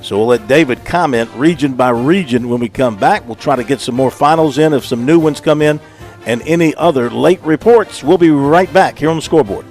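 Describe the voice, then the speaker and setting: A man hosting a radio sports show from the studio, relaxed and easygoing as he leads the segments. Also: mid-range voice, fairly quick, faint music behind. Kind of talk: casual radio sports talk.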